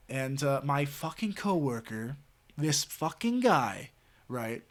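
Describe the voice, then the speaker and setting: A man's mid-range, sing-song voice moves at a slow pace as he streams late at night. He rambles through a casual story, heavy on fillers and swearing.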